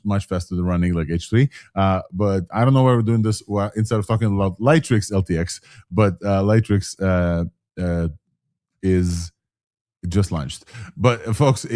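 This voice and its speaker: A man's voice: fairly low pitch, darkish tone, dry recording, studio quality. A man hosting a casual live tech talk show, rambling with many fillers and restarts. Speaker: host.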